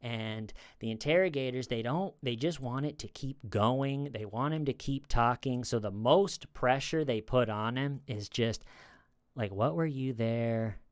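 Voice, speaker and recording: A man's voice: mid-range voice, unhurried, no echo, clean studio sound. A man giving casual true crime commentary, rambling as he talks and acting out quoted lines in a raised voice.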